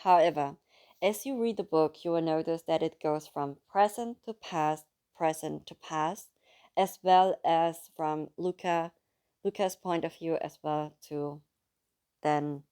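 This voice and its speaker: A woman's voice: low-pitched, fairly even intonation, measured pace, mellow, smooth. A woman with a German accent, a native German speaker, chatting casually about a book and reading from it aloud, in a chatty, apologetic way. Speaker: book reader.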